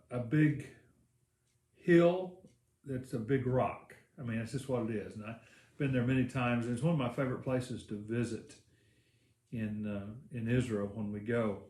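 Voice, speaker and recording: A man's voice: medium pitch, a little mellow. A male pastor preaching a sermon, telling the story in a casual, rambling way with many fillers. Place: church. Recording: echoey church room.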